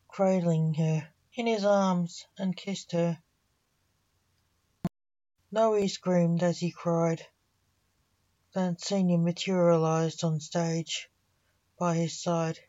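A woman reading a story aloud in a slow, even storytelling manner. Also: fairly low pitch, highs cut off.

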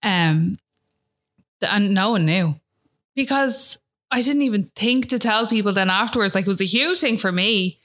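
An Irish woman speaks as a guest on a talk show. She tells a personal story in an easygoing, chatty way and keeps checking in with the listener. Her voice sits at a middle pitch for a woman. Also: normal speed, a bit bright. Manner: chatty, fills talk with "like" and "do you know what I mean".

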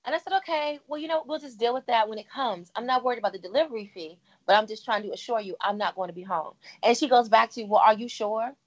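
A woman co-hosting a casual chat podcast, telling a story with lively asides and acting out the people she quotes. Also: on the high side, quick pace, few pauses, highs cut off. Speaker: podcast co-host.

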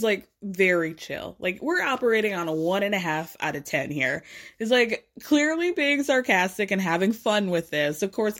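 Animated gossipy woman recapping. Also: mid-range voice. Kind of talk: casual reality-TV recap.

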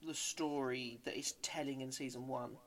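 A man's voice: medium pitch, steady tone, moderate pace, a bit bright. A man co-hosting a casual chat, mostly giving short agreeing replies. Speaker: podcast co-host.

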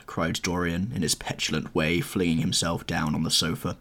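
A man narrating a classic novel in an audiobook, measured and unhurried. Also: a bass voice, fairly even intonation, creaky, fairly bright tone, slightly rough.

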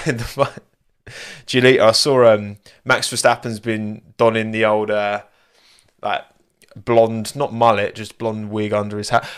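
A young man with a lowish, gravelly voice hosts a live-streamed podcast, chatting casually and rambling while frequently laughing at his own asides.

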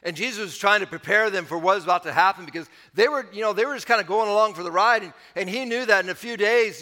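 A man preaching a sermon as pastor, conversational, pushing up on key points and dropping low to close thoughts. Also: quick pace, few pauses, pushed and bright, in a large hall.

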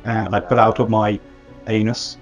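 A man's voice: on the low side, monotone, normal speed, faint music behind. A man taking part as a player in a tabletop game, chatting and joking with the table. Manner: laughing, tries an Italian mobster accent.

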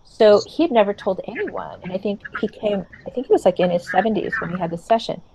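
A woman, a therapeutic practitioner, telling a client's story in an earnest, reflective way with many pauses. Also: mid-range voice, animated, mellow, slight background noise, rough recording. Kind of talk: storytelling in casual talk.

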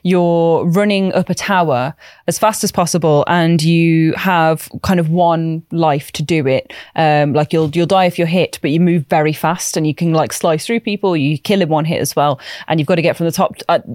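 Woman chatting bout games, lowish voice, dry close mic, corrects herself a lot. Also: a little mellow, no echo. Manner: chatty, explains quickly, self-correcting. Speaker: podcast co-host. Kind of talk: casual chat reacting to game trailers.

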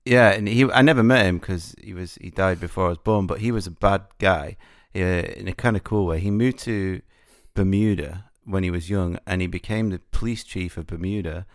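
A man's voice: low-pitched, moderate pace, few pauses, dry recording, studio quality. A man chatting as co-host, blunt and jokey, swearing freely. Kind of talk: casual chat.

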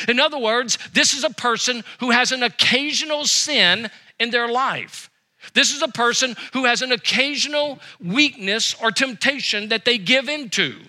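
A man's voice: high voice, sharp tone. A man preaching a sermon as pastor, earnest, his voice rising and dropping for emphasis.

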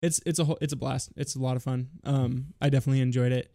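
A man co-hosting a casual gaming podcast, giving relaxed, measured opinions. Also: medium pitch, vocal fry, dry recording, clean studio sound. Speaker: podcast co-host.

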